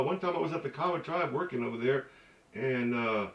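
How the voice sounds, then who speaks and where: A man giving a casual spoken language lesson, halting with many fillers and restarts and dropping joking asides. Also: mid-range voice. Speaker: language teacher. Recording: echoey dull recording from a distance.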